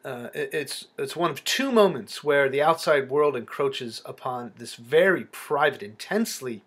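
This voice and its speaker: A man giving a close-reading lecture on a poem, reflective and halting, with frequent fillers and restarts. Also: medium pitch, animated, fairly bright tone. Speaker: literature lecturer.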